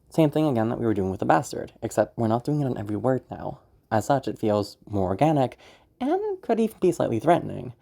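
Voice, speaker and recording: A man's voice: mid-range voice, big pitch swings, fast talker, gravelly, warm tone. A man teaching voice acting in a loose, chatty tutorial, swearing now and then. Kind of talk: casual spoken tutorial.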